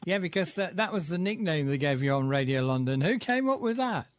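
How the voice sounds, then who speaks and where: A man hosting a casual interview, asking prompting questions in a chatty way with small hesitations. His voice sits a little high. The sound is close and dry, with no room in it. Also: expressive, a little fast, no room sound. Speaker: podcast host, interviewer.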